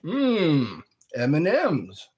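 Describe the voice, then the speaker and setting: A man's voice: fairly high pitch, wildly swooping pitch, very slow, darkish tone, slightly rough. A man hosting a live stream, chatting in a rambling, playful way while he snacks and spells words out.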